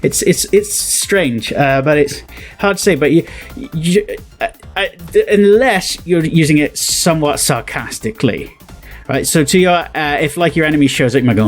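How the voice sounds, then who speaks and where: A man's voice: on the high side, animated, moderate pace, soft background music. Rambling West Country man explaining. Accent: West Country English. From southwest England. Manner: rambling, chatty explaining with many fillers. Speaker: video commentator. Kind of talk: casual reaction commentary.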